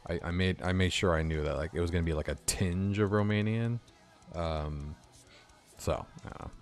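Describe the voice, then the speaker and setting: A young man from California chats loosely with his live-stream viewers while writing code. His voice sits very low with a gravelly fry. He laughs easily as he talks, and soft guitar music plays faintly behind him. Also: normal speed. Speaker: game developer streaming. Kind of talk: casual live-stream chat while coding.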